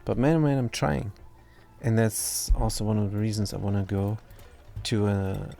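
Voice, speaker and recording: A young man with a non-native English accent talks casually over his gameplay, his voice fairly low and mellow. He rambles, trips over words and restarts his sentences. Faint music plays behind him. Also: steady tone, moderate pace, creaky. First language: not English. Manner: rambling, self-deprecating, stumbles and restarts words. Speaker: gaming streamer.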